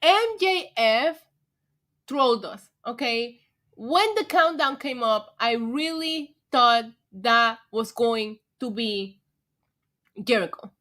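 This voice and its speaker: Woman streamer, high and bright, excitable, tipsy, swears a lot. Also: takes it slowly. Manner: excitable, swears freely, laughs often. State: getting tipsy from shots. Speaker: livestream host. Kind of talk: casual livestream chat.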